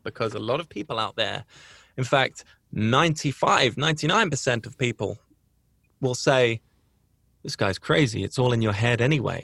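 Gravelly-voiced man telling a personal story. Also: medium pitch, fairly bright tone, no room sound, clean studio sound. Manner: rambling, earnest, with frequent restarts. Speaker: podcast host. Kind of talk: casual storytelling.

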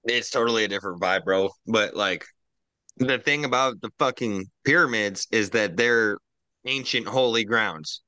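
A man's voice: fairly low pitch, moderate pace, sharp tone, no room sound. A man on a casual roundtable podcast, ranting profanely and animatedly while drinking.

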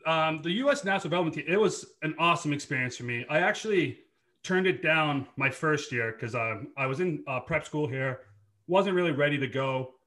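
A man's voice: on the high side, animated, brisk, fairly bright tone. A man in his thirties with a Boston accent, a podcast guest chatting casually and laughing often. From Dorchester, Massachusetts. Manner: laid-back, laughs often, swears freely. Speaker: podcast guest, former hockey player. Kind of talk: casual chat.

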